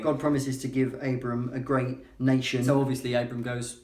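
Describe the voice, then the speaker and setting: A man's voice: medium pitch, fairly even intonation, normal speed. A man hosting a comic vlog that retells the Bible in an irreverent, sardonic, conversational way. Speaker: vlogger. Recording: roomy echo.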